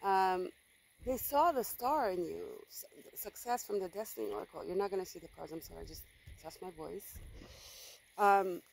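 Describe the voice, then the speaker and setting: A woman's voice: mid-range voice, moderate pace, gravelly, slight background noise, low-quality recording. A woman giving a casual tarot reading for viewers, blunt and emphatic, swearing freely and repeating herself for stress. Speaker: tarot reader.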